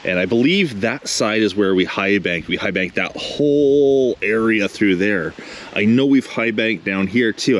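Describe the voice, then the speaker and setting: A man vlogging outdoors by a cold river while he pans for gold, chatting casually and exclaiming at what he finds. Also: lowish voice. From Canada. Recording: wind noise on the mic.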